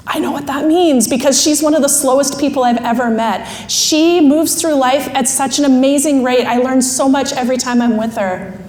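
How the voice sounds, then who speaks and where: High-voiced woman telling a lively story on stage. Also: brisk. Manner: lively, self-deprecating, laughs often. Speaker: keynote speaker. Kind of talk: animated storytelling talk. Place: large expo hall. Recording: echoey hall with faint ambience.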